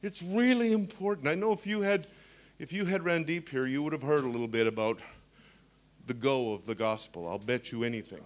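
A man in his sixties preaching a sermon, telling stories with humorous asides and animated emphasis. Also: medium pitch, brisk.

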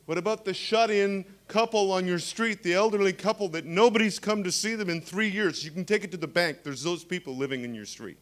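Animated man preaching a lively sermon. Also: high-pitched, fairly quick, few pauses. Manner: animated, storytelling, humorous asides.

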